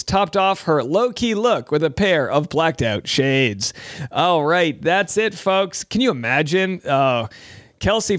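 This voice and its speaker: A male talk host with a somewhat high, bright-toned voice reads out light celebrity news. He keeps cutting in with wry, mocking remarks in a loose, casual way. The sound is close and dry. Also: dry recording. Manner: wry, jokey, mocking asides. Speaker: show host. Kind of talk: casual commentary reading news articles.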